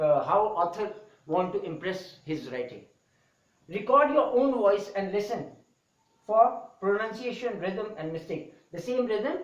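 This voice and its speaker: A man with a Pakistani English accent teaching a spoken English lesson, raising and dropping his voice for emphasis. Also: sits high. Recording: echoey room, dull lo-fi sound.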